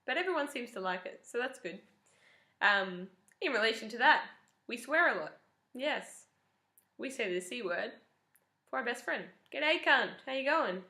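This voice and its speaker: Young Australian woman, casual chat to camera, bright tone, roomy echo. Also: on the high side, expressive, moderate pace, pauses often. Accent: Australian, softened. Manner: chatty, wry, self-deprecating. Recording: echoey room.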